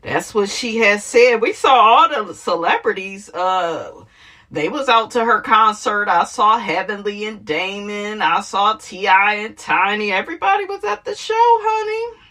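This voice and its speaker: A woman hosting casual celebrity gossip commentary in a sassy, animated way, laughing often and calling viewers honey. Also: medium pitch, unhurried.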